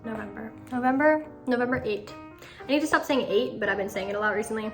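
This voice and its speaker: A woman's voice: a little high, fast, soft background music. A teenage girl giving a casual, dramatic and self-mocking recap of her horse shows, full of fillers. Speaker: equestrian vlogger. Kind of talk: casual chat. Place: outdoors in snow at a horse show.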